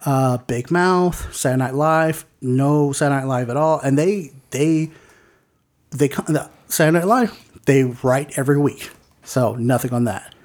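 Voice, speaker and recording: A man's voice: medium pitch, measured pace, a little mellow. A man co-hosting a casual podcast, reading news items aloud with lots of fillers and stumbles. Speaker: podcast co-host.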